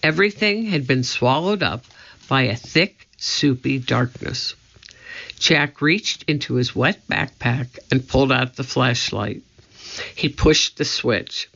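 A man reads a children's storybook aloud, slow and measured, building suspense. His voice is bright with a gravelly grain, and the recording sounds dull and lo-fi. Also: medium pitch. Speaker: audiobook narrator. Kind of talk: storybook narration.

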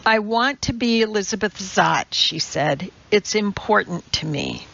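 Storybook heroine: a woman voicing a firm, principled scientist, slow and deliberate, gravelly, on muffled audio. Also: mid-range voice, animated, a bit bright, exaggerated voice. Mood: earnest.

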